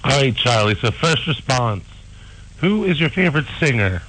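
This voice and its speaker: A man co-hosting a radio interview, effusive and halting, with many restarts. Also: mid-range voice, very animated, a bit bright, a little hiss or hum, rough recording. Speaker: radio show co-host.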